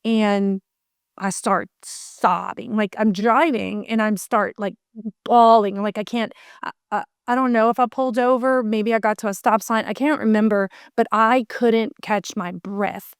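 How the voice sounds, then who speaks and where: A woman's voice: mid-range voice, steady tone, unhurried, smooth, no room sound. Earnest woman, dry close mic. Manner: earnest, rambling with many restarts. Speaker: podcast guest. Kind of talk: emotional personal storytelling.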